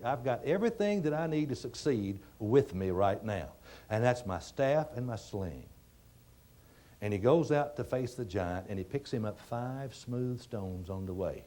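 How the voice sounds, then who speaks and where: A man giving a motivational speech, telling stories in a folksy, dramatic way that swings between quiet and emphatic. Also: mid-range voice, animated, moderate pace. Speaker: motivational speaker.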